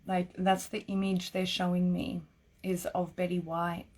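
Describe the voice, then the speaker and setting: A woman's voice: on the low side, little pitch movement, a little slow, darkish tone. A woman giving live-streamed psychic readings in a chatty way, laughing often and filling her talk with "like". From Australia. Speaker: psychic reader.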